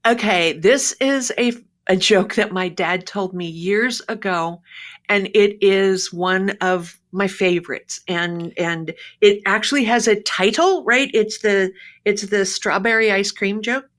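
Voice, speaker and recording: A middle-aged woman talks with a bright, forward tone as a guest on a podcast. She tells stories in an animated way and slips into little voices for the people in them. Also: medium pitch, unhurried. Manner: acts out both sides of a joke with lively voices. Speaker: pharmacy professor, podcast guest. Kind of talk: casual interview, animated joke telling.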